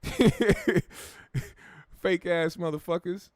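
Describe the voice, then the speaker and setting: A man's voice: sits high, extremely slow, dry recording, studio quality. A man from the United States hosting a livestream, reading out viewer comments in a brash, profane, blunt way. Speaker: show host.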